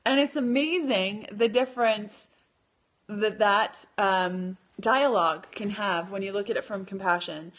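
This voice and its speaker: A woman's voice: medium pitch, unhurried, fairly bright tone, muffled recording. Chatty woman on a live stream. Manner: chatty, many fillers, self-correcting. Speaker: podcast host and keto blogger. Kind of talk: casual live-stream talk.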